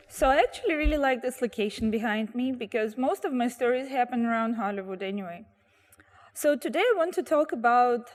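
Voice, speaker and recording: Standing outdoors by a street corner, a storyteller guest shares lively anecdotes in a high voice trailed by long reverb. She's animated, slipping into the voices of the people she quotes.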